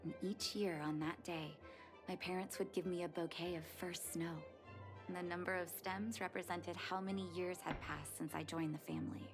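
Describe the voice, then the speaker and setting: An actress voicing an earnest, caring young woman doctor in a video game, speaking softly and sincerely. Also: fairly low pitch, fairly even intonation, normal speed, close to an everyday voice. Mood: wistful. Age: young adult. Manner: soft, sincere, emotional. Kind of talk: game voice acting. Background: game music.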